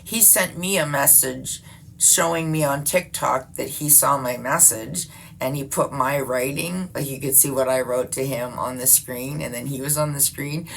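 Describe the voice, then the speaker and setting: A woman's voice: a bass voice, moderate pace, gravelly, slight background noise. A woman in her fifties chatting casually to her viewers, swearing freely and laughing often. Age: 50s. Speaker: vlogger. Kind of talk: casual rambling chat.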